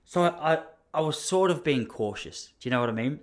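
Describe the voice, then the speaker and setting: A man's voice: fairly high pitch, lively intonation, a little fast. An Australian man hosting a podcast, telling a story in a casual, ranting way with mock outrage. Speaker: podcast host.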